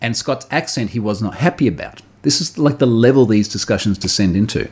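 A man's voice: lowish voice, expressive, fairly quick, few pauses, slightly rough. A man, a podcast host animatedly recounting a story in casual chat, often repeating words and laughing.

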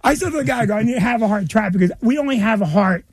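Homem muito agudo contando história engraçada. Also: male voice, high-pitched, rapid-fire, husky, no echo. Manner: animated, laughing, doing quoted voices. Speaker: comedian guest. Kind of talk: comic storytelling.

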